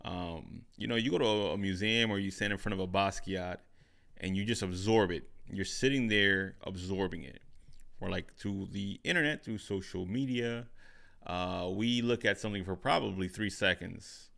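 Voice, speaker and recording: A low, gravelly-voiced man talks alone into a studio mic on an overhead stand. His delivery is reflective and loose, circling back with repeated phrases and tag questions. He sounds like a podcast host thinking out loud from his home setup. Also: normal speed. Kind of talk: solo casual talk. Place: home studio with curtains behind. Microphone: studio microphone on overhead stand.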